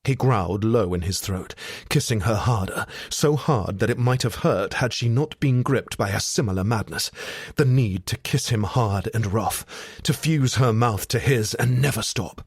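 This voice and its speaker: A man narrating a romance audiobook with steady, sensual storytelling. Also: lowish voice, normal speed, breathy edge, no room sound.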